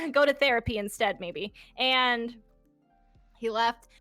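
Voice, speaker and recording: A woman in her twenties, a guest telling a personal story in casual chat, animated and swearing, laughing often and acting out quotes. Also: on the high side, slow pace, no echo, faint music behind. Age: 20s.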